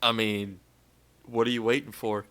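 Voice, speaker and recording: A man's voice: mid-range voice, flat delivery, moderate pace, bright, forceful tone. A man hosting a casual podcast chat, laughing often and joking loosely. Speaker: podcast host.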